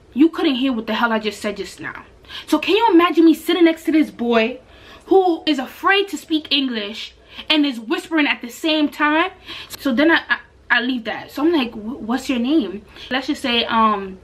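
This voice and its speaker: A young woman, telling a story casually to her camera as a vlogger, animated and slangy, acting out the voices of other people. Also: high voice. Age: young adult. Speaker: vlogger, exchange student.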